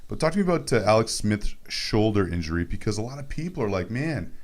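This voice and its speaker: A man's voice: fairly low pitch, big pitch swings, quick pace. A Canadian man hosting a fantasy sports radio show in a playful, casual chat full of goofy tangents.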